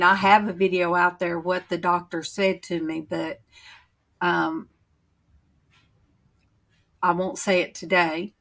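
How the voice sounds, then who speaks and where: Livestream host, woman, unhurried and emotional, middle-pitched, pauses a lot while answering viewers. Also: fairly bright tone. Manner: slow, emotional, heartfelt, many pauses and fillers. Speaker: channel host on a faith livestream. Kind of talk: casual chat, reading viewer comments.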